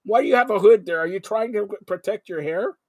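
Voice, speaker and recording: A man hosting a live broadcast, talking in an excitable, rambling way that jumps between topics. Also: high voice, a little fast, no room sound, studio quality. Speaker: host. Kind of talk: live call-in broadcast chat.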